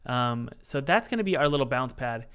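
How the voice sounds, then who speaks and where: A playful man leads a live game development tutorial, narrating each click out loud and tossing questions and jokes to his viewers. His voice is smooth and resonant, at an ordinary middle pitch for a man. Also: lively intonation, brisk. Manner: playful, jokey, chats directly with the live chat; talks himself through software steps aloud. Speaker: indie game developer and streamer.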